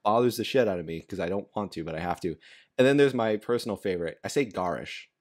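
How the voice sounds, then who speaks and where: Man, very low voice, podcast host, rambling, laughing often. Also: lively intonation, fast. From United States. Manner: rambling, laughing, with many fillers. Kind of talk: casual chat.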